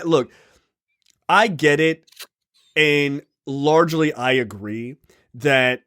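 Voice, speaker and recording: A man's voice: mid-range voice, fairly bright tone. A man co-hosting a casual film podcast, talking emphatically and swearing freely, recorded close and dry. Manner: emphatic and profane. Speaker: podcast co-host.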